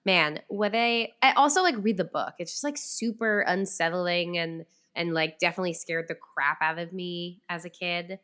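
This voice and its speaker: A woman co-hosting a podcast in casual chat, talking in an animated way full of filler words. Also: lowish voice, moderate pace, few pauses, clear, resonant tone. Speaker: podcast co-host.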